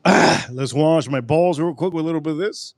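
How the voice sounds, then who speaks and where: A man hosting a casual livestream drink review, rambling and joking with sudden animated outbursts. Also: on the high side, brisk, no room sound. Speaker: livestream host.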